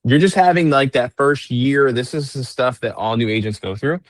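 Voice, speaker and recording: A man's voice: mid-range voice, moderate pace, no echo. A man coaching real estate agents on a group call, teaching step by step and acting out sample lines to clients.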